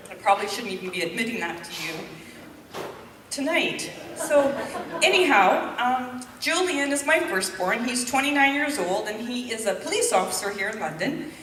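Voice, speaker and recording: At a public presentation, a Canadian woman in her fifties, a nurse and mother, tells her audience a candid personal story. Her voice is a little high, picked up by a distant mic in an echoey hall with background noise.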